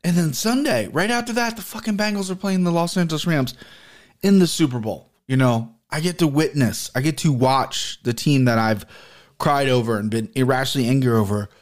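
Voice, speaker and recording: A rambling man hosts his own podcast and talks straight to the camera. His delivery is loose and excitable, full of restarts and casual swearing, and his pitch sits mid-range for a man. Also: brisk. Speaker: podcast host. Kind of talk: casual solo podcast talk. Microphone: camera and podcast mic.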